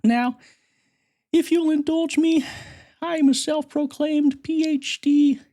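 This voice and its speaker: A man's voice: extremely high pitch, steady tone, takes it slowly, mellow, voice pushed up, heavily acted. A man voicing a pompous, nerdy male superfan podcaster who brags, rambles and giggles. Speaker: fake guest.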